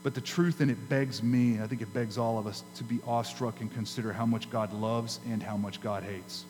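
A man's voice: medium pitch, fairly even intonation, music in the background. Man preaching in a reverberant hall. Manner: emphatic preaching with dramatic pauses and rises. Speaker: pastor. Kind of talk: sermon. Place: church sanctuary. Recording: hall reverb with faint mains hum.

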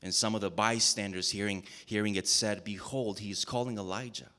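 A man reading Bible passages aloud in a measured, reverent way, announcing each new passage in a quieter voice. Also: on the low side, steady tone. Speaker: scripture reader.

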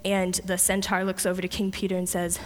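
A woman's voice: lowish voice, a little fast. Woman preaching in a reverberant hall. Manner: lively storytelling, voices God and Gideon playfully. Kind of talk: sermon.

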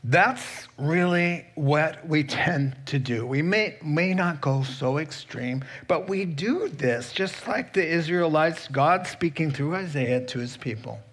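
A man's voice: on the high side, lively intonation, slow pace, hardly any pauses, fairly bright tone. A man preaching a sermon in a conversational way, teasing the congregation directly.

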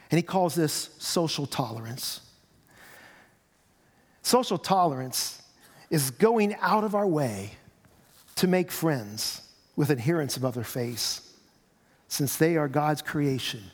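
Middle-aged pastor guy preaching, kinda high voice, repeats himself, long echo like a big church. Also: breathy edge. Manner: conversational preaching, repeats words, chuckles. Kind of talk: sermon. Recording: long hall reverb.

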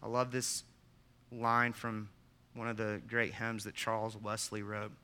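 A man, the pastor, preaching a sermon with earnest emphasis, putting direct questions to the congregation and rising to loud, emphatic peaks. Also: on the low side, little pitch movement, measured pace, clean tone. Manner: asks the listeners direct questions.

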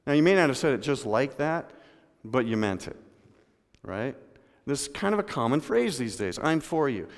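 A man preaching a sermon in a church, moving between loud emphatic lines and low hushed ones and speaking to people in the room by name. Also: big pitch swings, normal speed. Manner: addresses congregation members by name. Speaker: pastor. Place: church sanctuary. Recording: long hall reverb.

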